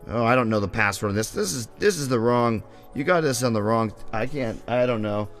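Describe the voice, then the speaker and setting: A man's voice: mid-range voice, animated, brisk, soft background music. Man telling a rambling story. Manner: rambling storyteller who swears freely. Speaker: podcast host. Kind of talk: casual chat.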